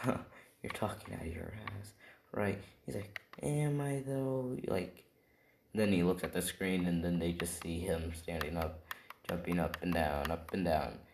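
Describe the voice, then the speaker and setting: A man's voice: sits low, fairly even intonation, a little slow. A man casually improvising a story, rambling with constant "right?" and "like" fillers. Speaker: storyteller of an anime fan scenario. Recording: roomy, noisy home recording with typing.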